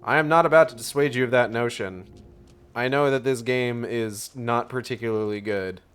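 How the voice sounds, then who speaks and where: A man's voice: mid-range voice, normal speed, a bit bright, clean tone, soft background music. A man streaming a video game, chatting casually and sarcastically, swearing and reading on-screen text aloud. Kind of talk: casual gameplay commentary.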